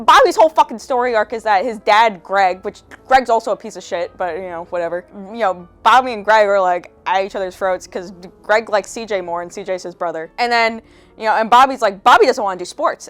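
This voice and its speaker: A young woman giving a casual commentary rant as a video essayist, profane, sarcastic and exasperated. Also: mid-range voice.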